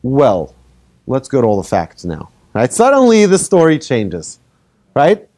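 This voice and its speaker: Animated rabbi lecturing with lively pitch. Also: male voice, a little slow. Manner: animated, asks the audience questions, tells hypothetical stories. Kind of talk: lively lecture to a live audience.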